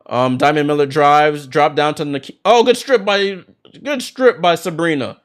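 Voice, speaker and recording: A man hosting a basketball watchalong, calling the plays as an excited fan with sudden bursts of hype. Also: fairly high pitch, a little slow, clean tone. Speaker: watchalong host doing play-by-play. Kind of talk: fan play-by-play commentary.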